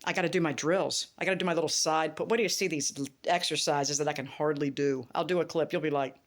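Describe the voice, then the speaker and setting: A woman's voice: low voice, fairly even intonation, quick pace. A middle-aged woman chatting casually to her viewers, laughing often and acting out bits of dialogue. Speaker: vlogger. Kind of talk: casual vlog chat.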